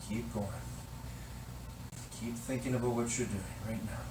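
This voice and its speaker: A man's voice: medium pitch, fairly even intonation, slow. A man leading a balance and stretching class, giving encouraging step-by-step instructions. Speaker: fitness instructor. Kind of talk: guided exercise class. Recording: echoey room, distant mic, noisy.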